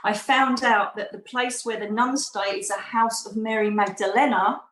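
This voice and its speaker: A woman's voice: on the high side, steady tone, normal speed, a bit bright, roomy sound, poor audio. A middle-aged woman, a podcast guest, telling a personal story animatedly and acting out quoted voices. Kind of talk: storytelling in an interview.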